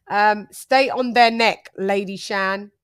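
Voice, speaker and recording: Smooth and slow-paced, a young UK woman's relaxed, middle-pitched voice carries her boxing livestream. Chatty and easygoing, she reads out viewers' comments, shouts them out, and laughs along.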